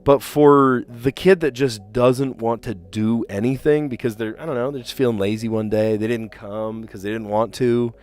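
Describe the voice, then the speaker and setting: A man who teaches school, chatting casually on a live stream, his voice sore and hoarse, ranting with lots of fillers and restarts. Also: medium pitch, fairly even intonation, moderate pace, few pauses, a little mellow, no room sound.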